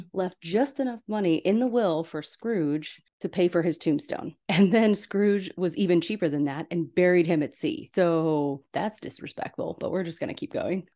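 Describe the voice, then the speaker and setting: A young adult woman hosting a podcast, chatting casually and gushing about an old animated film. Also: fairly low pitch. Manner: gushing, enthusiastic, chatty with laughs. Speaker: podcast host. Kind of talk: casual film rewatch commentary.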